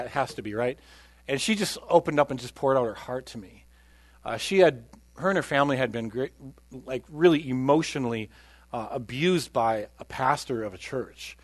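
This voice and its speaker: A middle-aged man, a pastor telling a personal story in a sermon, conversational, with hushed quiet stretches. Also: mid-range voice, dry recording. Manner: conversational, drops to a hushed voice for quoted moments.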